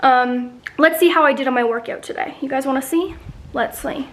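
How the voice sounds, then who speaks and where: A young woman in her twenties chats to her vlog camera in a loose, rambling way, full of fillers. Her voice sits high. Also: normal speed, slight background noise, poor audio. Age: 20s. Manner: chatty, rambling, filler-heavy. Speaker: vlogger. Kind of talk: casual vlog chat.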